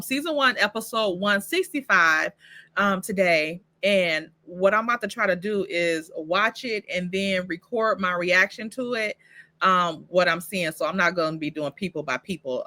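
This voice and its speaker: A woman hosting her own show recap channel, talking casually and profanely, calling out characters as she goes. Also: lowish voice. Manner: profane, animated, talks back to the characters. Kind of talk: casual reaction review.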